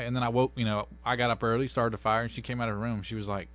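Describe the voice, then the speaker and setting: A man in his thirties co-hosting a sports radio show in the studio, telling stories in a casual, animated way and acting out quotes. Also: medium pitch, racing, few pauses. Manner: animated storyteller, acts out quotes.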